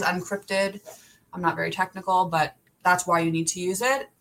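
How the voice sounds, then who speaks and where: Bright, exasperated young woman telling a story. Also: on the low side, a little hiss or hum, poor audio. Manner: profane, exasperated, fast run-on retelling. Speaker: podcast guest. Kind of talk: candid storytelling in an interview.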